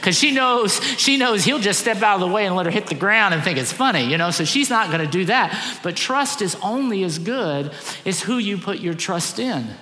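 Echoey, bright-voiced pastor preaching. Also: male voice, high voice, moderate pace. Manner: animated, conversational preaching with repeated phrases. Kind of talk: sermon. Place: church auditorium. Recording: echoey church hall.

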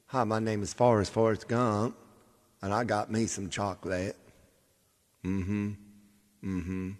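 A man doing a slow simple Southern drawl. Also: lowish voice, little pitch movement, long reverb tail. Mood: folksy.

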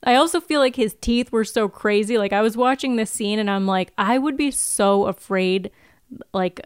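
A woman's voice: mid-range voice, normal speed, clear, resonant tone, no room sound. Giggly woman podcast co-host, dry sound. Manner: giggly, casual swearing. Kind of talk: casual chat recapping a TV episode.

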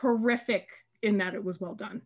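A woman co-hosting a podcast in casual chat, animated and quick to laugh, speeding up when she gets worked up. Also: mid-range voice. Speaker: podcast co-host.

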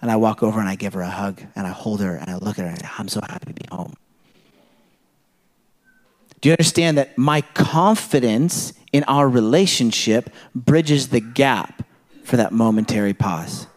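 A man preaching a sermon in a conversational, animated way, full of rhetorical questions and illustrations from his home life. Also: medium pitch. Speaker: pastor.

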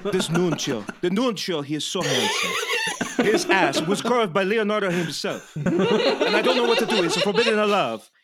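A man's voice: high-pitched, big pitch swings, normal speed, heavy background noise. A man voicing a lovesick Italian-sounding radio caller in an exaggerated mock accent. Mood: pleading.

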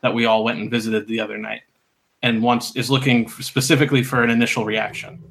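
Brief: male player, bright forceful voice, rambling casual talk. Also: mid-range voice, little pitch movement, quick pace, gravelly, slight background noise. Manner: rambling, laughs often. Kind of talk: casual game chat.

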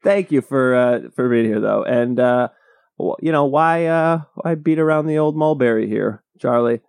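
A man co-hosting a podcast in casual comedic chat, rambling and joking with lots of fillers, in a small dark room. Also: medium pitch, normal speed, clear, resonant tone, dry recording, clean studio sound. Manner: jokey, rambling, with frequent laughs and fillers. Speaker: podcast co-host.

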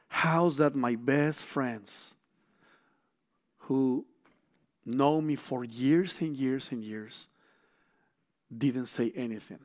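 A middle-aged man, a guest speaker telling a story in a sermon, acting out quotes and restarting phrases. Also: medium pitch. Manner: animated storytelling, frequent restarts and acted-out quotes.

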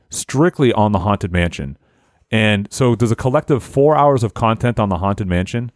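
Male podcast host, casual and joking, swearing freely, lively swooping pitch, dry close mic. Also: dry recording. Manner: animated, profane, joking. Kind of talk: casual podcast chat and reading.

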